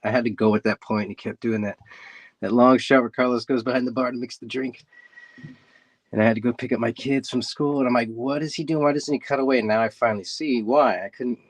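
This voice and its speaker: A man, an actor and guest, chatting in a relaxed, easygoing way about a shoot on a video call. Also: medium pitch, dry recording. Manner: relaxed and easygoing, quick to praise. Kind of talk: casual chat on a video call.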